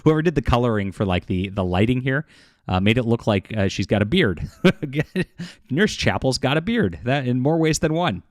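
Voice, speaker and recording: A man giving casual opinion commentary, halting and full of fillers and restarts, with derisive chuckles. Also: medium pitch, expressive, no echo, clean studio sound.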